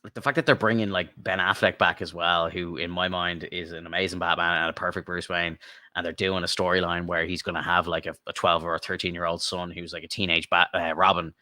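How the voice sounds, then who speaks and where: A man co-hosting a podcast, chatting casually and excitedly, swearing and rambling like a fan. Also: sits low, a little fast, dry recording, studio quality. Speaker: podcast co-host. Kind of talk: casual chat.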